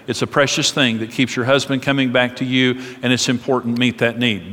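A middle-aged man giving a conversational sermon as a pastor, animated and joking as he tells stories. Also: medium pitch, fairly quick. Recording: long reverb of a large hall.

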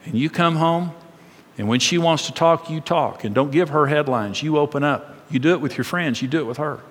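Middle-aged male preacher, higher-pitched, animated and funny, echoing through a big hall. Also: fairly quick. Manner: animated, joking storyteller. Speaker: pastor. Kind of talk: conversational sermon. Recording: long reverb of a large hall.

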